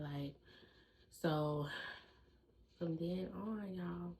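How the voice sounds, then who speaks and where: Young woman, vlogger, chatty storytime, fairly low voice, faint background noise. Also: unhurried, vocal fry, rough recording. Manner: lively, chatty storytelling that addresses viewers as "y'all". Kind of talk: casual storytime.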